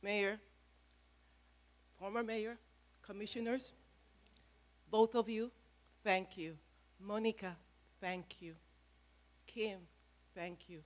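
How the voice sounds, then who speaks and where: In an event room with an audience, a woman addresses a press event through a podium microphone. Her mid-range voice has fairly even intonation, and she speaks slowly with long pauses, yet her speech is passionate, emphatic, and full of repeated phrases.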